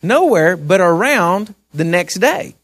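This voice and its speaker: A man preaching a sermon to his church, earnestly moving between hushed storytelling and raised exhortation, often repeating words as he presses a point. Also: sits high, sing-song, slow pace. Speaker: pastor.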